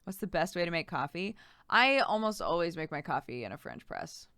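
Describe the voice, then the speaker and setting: Bright, crisp-voiced woman streamer. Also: fairly low pitch, sing-song, fairly quick, dry recording, clean studio sound. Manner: chatty, giggly, thanking subscribers. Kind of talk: casual live-stream chat.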